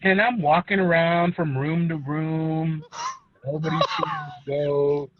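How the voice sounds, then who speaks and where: A man co-hosting a casual podcast, an animated storyteller who swears a lot and plays up emotion. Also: on the high side, measured pace, muffled recording, a little hiss or hum. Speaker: podcast co-host. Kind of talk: casual chat.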